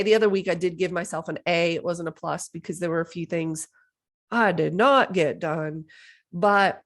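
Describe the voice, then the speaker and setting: A woman in her thirties hosting a solo podcast, chatty and enthusiastic, with lots of "like" and "you know". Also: lowish voice. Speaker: podcast host. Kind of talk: casual solo podcast talk.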